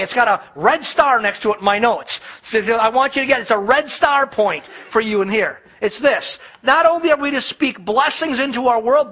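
Give me a high, bright-voiced male pastor telling a story in a sermon. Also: poor audio. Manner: conversational storytelling, frequent restarts and emphatic repetition.

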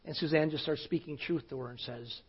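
A pastor with a fairly high, husky voice tells a story from the pulpit, casual and conversational, often sinking to a near hush. The recording sounds dull and lo-fi. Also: male voice, brisk. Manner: conversational, often dropping to a hushed voice. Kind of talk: sermon storytelling.

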